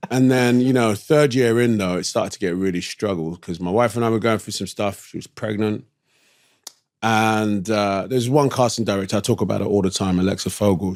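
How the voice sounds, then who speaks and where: A guest from East London, speaking in a fairly low voice with a London accent, tells casual stories in a laid-back, slangy manner, his thoughts drifting as he goes. The sound is dry and clean, studio-recorded.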